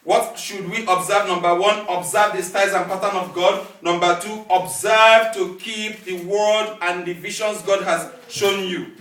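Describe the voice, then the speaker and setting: A male pastor preaching a sermon with lively call-and-response, recorded in a church hall from a distance. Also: sits high, measured pace, few pauses. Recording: echoey hall, distant mic, faint noise.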